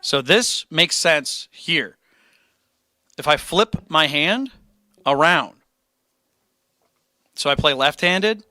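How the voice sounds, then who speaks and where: A man's voice: a little high, lively intonation, takes it slowly, long pauses, pushed and bright, no room sound, studio quality. A young man streaming and answering chat questions about guitar, blunt and encouraging, with casual swearing and rambling tangents.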